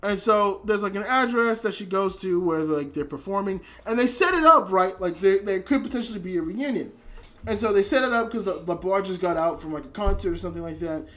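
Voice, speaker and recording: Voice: mid-range voice, expressive, a little fast, a bit bright. A speaker giving a casual spoken anime review, rambling with lots of filler words, restarts and casual swearing. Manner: emotionally invested, trails off and restarts.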